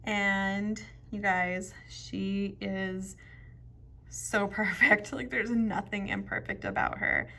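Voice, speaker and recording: Gushing, gravelly-voiced woman reviewing beads. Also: mid-range voice, fairly even intonation, slow pace, pushed and bright. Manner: gushing, chatty, often drops to a whisper. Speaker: jewelry bead reviewer. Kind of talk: casual show-and-tell vlog.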